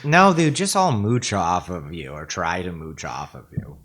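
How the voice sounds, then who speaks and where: A man co-hosting a podcast in casual chat, making dry, deadpan quips. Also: sits low, normal speed. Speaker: podcast co-host.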